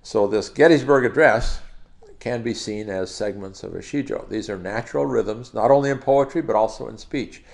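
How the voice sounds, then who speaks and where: A male university professor giving a recorded lecture, explaining in a relaxed teaching manner with frequent pauses and small chuckles. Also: lowish voice, creaky.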